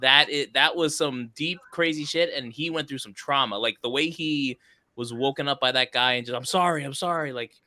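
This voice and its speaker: A man's voice: mid-range voice, moderate pace, bright, forceful tone. A young man co-hosting a podcast, chatting casually and animatedly about a TV episode, often quoting scenes and laughing. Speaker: podcast co-host. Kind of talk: casual chat.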